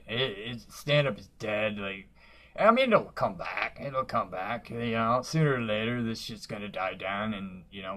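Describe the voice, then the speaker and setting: A man's voice: medium pitch, a bit bright. Rambling, profane male comic vlogger. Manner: profane, rambling, lots of fillers. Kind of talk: casual storytelling vlog.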